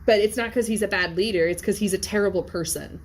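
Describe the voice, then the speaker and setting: A woman's voice: mid-range voice, quick pace. A woman teaching in a classroom, lecturing in a conversational way and often checking in with her listeners. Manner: conversational, keeps checking in with "yes?" and "okay?". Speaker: Latin teacher.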